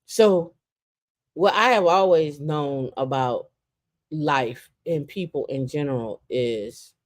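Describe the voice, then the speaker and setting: A woman co-hosting a casual podcast, with a fairly low voice. She tells her stories with animated energy and often restarts her sentences. Her delivery is loose and conversational. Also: slow. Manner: animated storyteller, swinging into lively voices for quotes; frequent "like" and repeated restarts. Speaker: podcast co-host.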